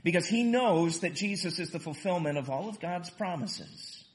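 A pastor preaches a sermon in an animated way, casually explaining a Bible passage and acting out the quotes. His voice is high and his pace moderate.

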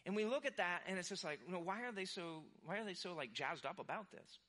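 Young male pastor, bright and forceful sermon voice, casual storyteller. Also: sits high, quick pace. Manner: animated, acts out quoted voices.

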